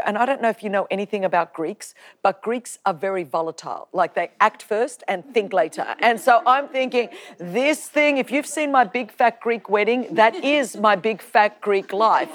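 A woman with an Australian accent giving a personal testimony talk, animated and humorous, acting out the lines she quotes. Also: mid-range voice, normal speed. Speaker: preacher.

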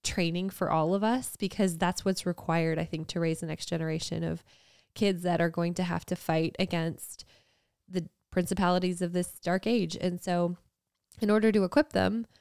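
A woman in her thirties talks through a casual faith conversation, earnest and reflective, leaning often on "like." Her voice sits lower than most women's and comes across smooth and clean. The sound is dry and close. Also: fairly even intonation, normal speed, darkish tone, no echo. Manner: earnest, reflective, with frequent "like" fillers. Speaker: podcast co-host.

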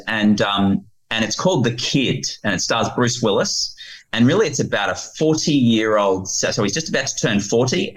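Earnest male guest, low-ish voice, speaks on fatherhood and faith. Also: fairly bright tone, low-quality recording. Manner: earnest, quotes scripture. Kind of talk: earnest podcast conversation.

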